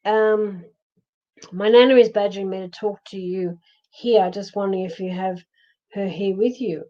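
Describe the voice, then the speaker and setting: A woman's voice: mid-range voice, steady tone, moderate pace, warm tone. Middle-aged woman psychic medium, from Australia; chatty, laughing, many fillers; dull live-stream audio. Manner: chatty, giggly, many ums and restarts.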